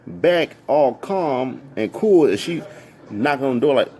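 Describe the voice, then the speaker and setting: A man casually telling a story from his past, animated and full of repeated "I'm like" asides. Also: medium pitch, slow pace, slight background noise.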